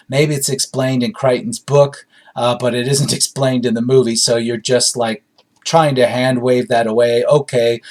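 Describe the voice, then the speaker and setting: Man, mid-range pitch, casual rambling film-review monologue, amused and loose. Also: a little mellow. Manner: rambling, amused, many fillers and restarts. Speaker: movie reviewer.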